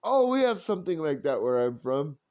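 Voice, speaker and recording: Casting note: a calm, friendly cabbie, pitched up, as voiced by a man retelling a story. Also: fairly quick, smooth, muffled recording. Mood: amused. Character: easygoing friendly adult male taxi driver.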